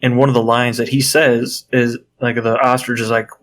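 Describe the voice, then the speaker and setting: A young man co-hosting a podcast, telling a story in a casual, animated way and swearing freely. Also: mid-range voice, fairly quick, few pauses. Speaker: podcast co-host. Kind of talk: casual chat.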